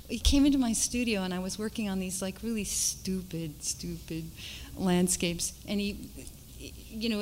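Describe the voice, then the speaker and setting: A woman painter on a panel, telling a personal story in an animated, halting way full of restarts. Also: medium pitch, slight background noise, rough recording. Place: panel discussion at an art school.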